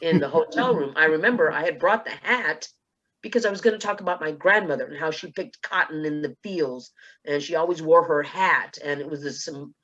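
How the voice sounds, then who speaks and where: A woman from South Texas on a panel, telling a personal story in a lively way and acting out the dialogue. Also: deep voice, brisk, muffled recording. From South Texas, USA. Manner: lively, acts out dialogue in quotes. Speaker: panelist, speech contest finalist.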